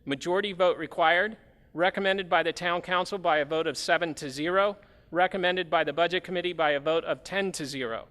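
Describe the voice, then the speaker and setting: A man's voice: on the high side, fairly quick, a bit bright. A man moderating a town meeting, calling votes and reading warrant articles aloud in a formal, procedural way. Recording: long hall reverb, faint noise.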